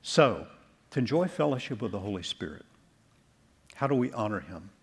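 A man preaching a sermon as pastor, measured and deliberate, slowing down to stress key words. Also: on the low side, sing-song, slightly rough.

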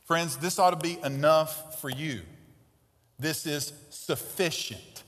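A man preaching a sermon as pastor, emphatic, with loud stresses and quiet asides. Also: fairly high pitch, takes it slowly, long reverb tail. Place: church sanctuary.

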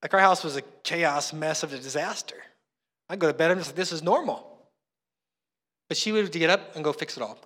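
A man's voice: fairly high pitch, a bit bright. A man preaching a sermon as pastor, telling chatty, self-mocking stories. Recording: long hall reverb.

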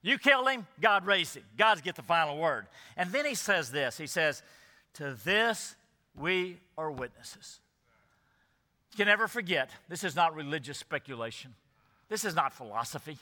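A man's voice: fairly high pitch, big pitch swings, fairly quick, sharp tone. A man preaching an expository sermon, earnest and emphatic, often asking the congregation rhetorical questions. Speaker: pastor. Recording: echoey hall reverb.

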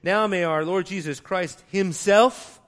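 Soft-to-loud emphatic male preacher. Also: high-pitched, a little slow. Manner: swings between soft asides and loud emphatic stresses; teaching, explains Greek wording. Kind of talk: sermon.

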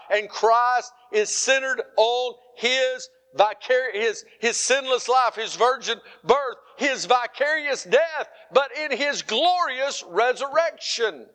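A middle-aged male pastor preaching an animated sermon, moving between loud, emphatic lines and softer, quiet ones. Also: very high-pitched.

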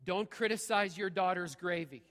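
High-voiced pastor in a reverberant hall. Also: male voice, moderate pace, a bit bright. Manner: punchy, repeats "okay?" often. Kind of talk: sermon. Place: church sanctuary.

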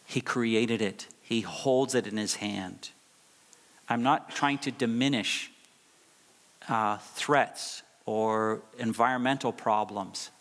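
A man's voice: on the low side, slow, fairly bright tone. A middle-aged male pastor preaching a sermon, stressing and repeating key phrases for effect. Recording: long reverb of a large hall.

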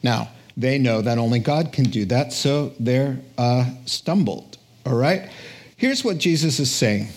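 A pastor preaching a sermon in an animated, emphatic, conversational way in a church. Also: male voice, medium pitch, measured pace.

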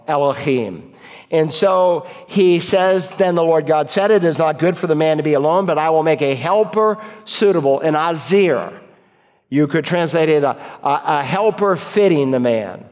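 A man's voice: on the high side, darkish tone, big-room sound. A man preaching a sermon, reading Bible verses aloud and explaining them as he goes. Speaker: pastor.

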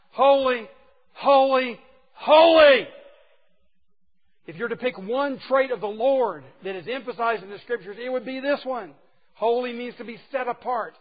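A man preaching a sermon to a group of men, emphatic and folksy, dropping from loud exclamations to hushed asides. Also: sits high, lo-fi sound. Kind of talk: sermon to a men's gathering.

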